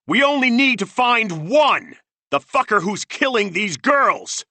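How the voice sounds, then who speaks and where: A man's voice: low voice, lively intonation, moderate pace, dry recording. A man voicing a stressed, sleep-deprived male detective who snaps under pressure. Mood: shouting. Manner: urgent, snapping under stress.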